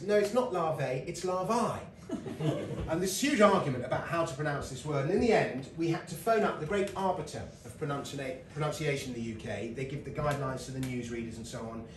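Recorded from afar on a roomy hall mic with a faint hiss or hum, this middle-aged British man delivers a comic lecture to a live audience. As a lecturer and comedian, he tells stories chattily, laughing and tossing in asides. His mid-range voice is expressive, and he talks fast.

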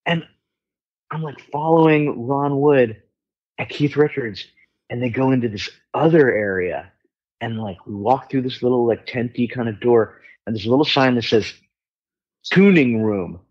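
Male guest with a mid-range voice, lively, profane anecdote-teller who mimics others; dull recording. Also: medium pitch, moderate pace, slightly rough. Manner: animated, swearing, acts out quoted voices. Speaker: guest musician. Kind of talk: casual storytelling chat.

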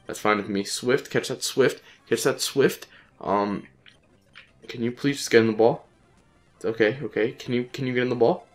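A man with a sick voice giving casual let's-play commentary, frustrated and swearing, repeating phrases in quick bursts. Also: mid-range voice, soft background music. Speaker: gaming channel host.

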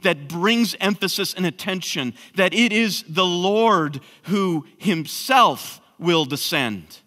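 A man's voice: high voice, animated, slow, pushed and bright. A man preaching an expository sermon, emphatic, with frequent restarts. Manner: emphatic, repeats words when restarting. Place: church sanctuary. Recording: long hall reverb.

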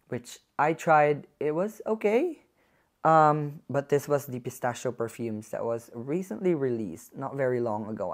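Gushing man reviewing perfumes. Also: mid-range voice. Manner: gushing and effusive, often dropping to a soft hush. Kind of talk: casual perfume haul vlog.

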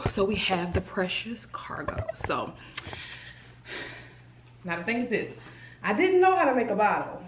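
A woman's voice: fairly high pitch, reverberant. A young woman with a Southern US accent talking casually and animatedly to her viewers in a home vlog. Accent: Southern US, New Orleans area. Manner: animated, addresses viewers as y'all and child. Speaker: vlogger.

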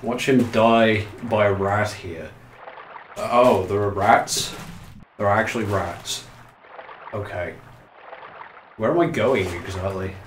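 A man with a lowish voice talks through a live game stream, winded from playing on a dance pad. He chats and jokes at himself and reads chat aloud. His voice bounces around a roomy home space with faint background hiss. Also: takes it slowly, pauses often. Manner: chatty, self-mocking, swears, reads chat aloud. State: out of breath, legs tired. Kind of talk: live gameplay commentary.

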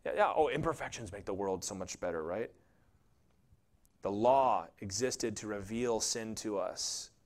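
A man pastor preaching a sermon in a conversational, jokey storytelling way, acting out quotes in little voices. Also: medium pitch. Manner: animated, acts out quotes and voices.

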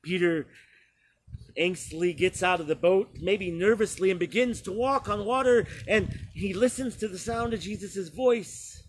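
A man preaching a sermon as a pastor, retelling a scripture story. His voice sits fairly high. He speaks slowly and pauses often between phrases.

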